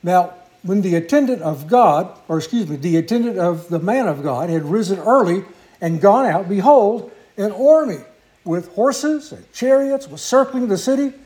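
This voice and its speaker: A male preacher tells a story from the pulpit in a fairly high voice with a soft, mellow tone. He speaks earnestly and without hurry, and now and then stops to correct himself. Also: lively intonation, low-quality recording. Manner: earnest, unhurried storytelling with small restarts. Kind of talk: sermon storytelling.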